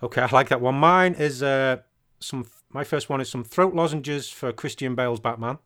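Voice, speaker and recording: British man, podcast co-host, casual, jokey, mid pitch. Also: moderate pace, a bit bright. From Britain. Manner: jokey, slips into silly put-on voices.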